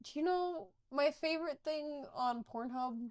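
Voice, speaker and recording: A woman's voice: sits high, measured pace. A woman co-hosting a casual chat podcast, cutting in with teasing, crude jokes. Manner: teasing, crude joking interjections. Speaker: podcast co-host.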